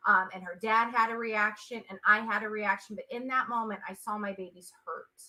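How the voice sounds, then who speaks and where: A woman's voice: mid-range voice, fairly even intonation, brisk, pushed and bright, low-quality recording. A woman in her forties, an interview guest speaking earnestly on a video call and repeating words for emphasis. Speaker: interview guest, social entrepreneur. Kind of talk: emotional interview talk.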